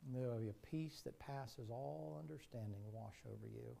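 A man preaching a sermon in a gravelly, fry-touched voice, at an ordinary middle pitch. He tells stories and moves from loud emphasis to near-whispered tenderness. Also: normal speed, slight background noise. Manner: storytelling, swings from loud to hushed. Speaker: pastor.

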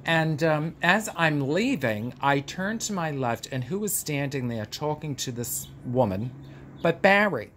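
A man's voice: fairly high pitch, animated, fairly bright tone, slight background noise. Theatrical man gushing in a camp vlog. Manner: theatrical, gushing, camp storytelling with drawn-out words. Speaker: vlog host. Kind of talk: casual chat monologue.

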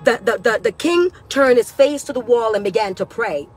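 High-voiced fervent woman preacher outdoors. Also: moderate pace, husky, soft background music. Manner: fervent, rising to cries and shouts, Southern-style preaching cadence. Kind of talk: prophetic sermon. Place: outdoors, hot day.

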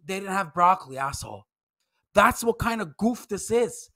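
A man's voice: high-pitched, animated, moderate pace, pushed and bright. A man delivering a heated, mocking commentary rant, full of profanity and phrases he repeats for emphasis. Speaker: commentary YouTuber. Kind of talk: ranting commentary vlog.

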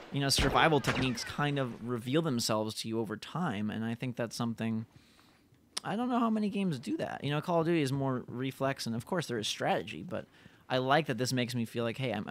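Young man, gameplay commentary, gravelly voice, noisy recording, excitable. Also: medium pitch. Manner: excitable, chatty, reacts loudly to the action. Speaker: gaming YouTuber.

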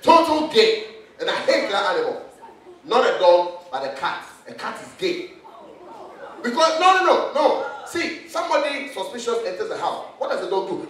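A Ghanaian man doing a loud, animated stand-up comedy routine, switching in and out of character voices. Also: high-pitched, moderate pace. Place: comedy bar stage. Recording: echoey club, distant mic, crowd laughter. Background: laughing audience.

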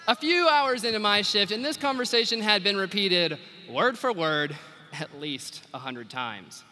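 A young man with a bright, forceful voice tells a story to a big crowd. His pitch swings widely as he goes, animated and expressive. The sound rings with the long reverb of a big hall. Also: unhurried. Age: young adult. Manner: animated, quotes people in acted voices. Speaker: FFA national officer giving retiring address. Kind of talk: storytelling keynote speech. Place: large convention arena.

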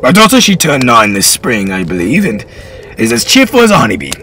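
A man voicing a polite, formal gentleman sailor and proud father, in a storybook reading. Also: mid-range voice, huge pitch swings, a little fast, creaky, a little hiss or hum, full character voice. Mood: courteous.

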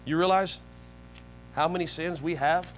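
A man preaching a sermon as pastor, animated, swinging between soft low asides and loud high-pitched bursts. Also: a little slow, slight background noise, rough recording. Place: church sanctuary.

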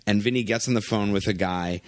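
A man in his thirties hosting a casual podcast chat, retelling scenes eagerly with halting restarts. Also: lowish voice.

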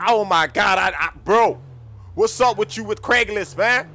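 A young man in excitable, slangy game role-play commentary with loud outbursts. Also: high voice, measured pace, a little hiss or hum. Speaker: gaming YouTuber.

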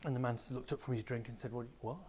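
Male teacher, mid-pitched, clear explanatory assembly delivery to pupils. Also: flat delivery, racing, warm tone, a little hiss or hum. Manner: explanatory, addresses pupils directly. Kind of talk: school assembly talk. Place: school room with a small live audience.

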